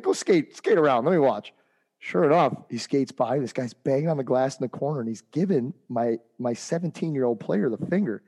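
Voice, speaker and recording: A man's voice: mid-range voice, normal speed, dark tone. A man co-hosting a hockey podcast, telling a heated coaching story in casual chat with lots of fillers and restarts.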